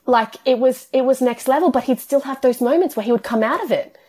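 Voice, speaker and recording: A woman's voice: high voice, brisk, a little mellow, breathy edge. Earnest woman recounting hard times. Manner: earnest, tumbling run-on storytelling with many "like"s. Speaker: interview guest. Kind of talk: emotional personal interview.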